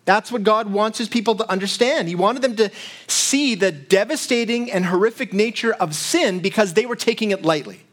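High-voiced man preaching a sermon. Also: moderate pace, a bit bright. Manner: conversational teaching with frequent asides and acted quotes. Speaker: pastor.

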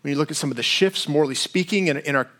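A middle-aged male pastor gives a sermon, talking to his listeners as if in conversation. His voice sits a little high for a man. He throws in quick shifts of voice when he acts out a story. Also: fairly bright tone. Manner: conversational, retells a comedy sketch with quick voice shifts.

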